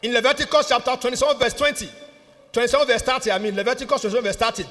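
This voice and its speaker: A Nigerian man preaching a sermon as pastor, exuberant, often laughing and shouting. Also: very high voice, steady tone, rapid-fire, in a large hall. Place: church.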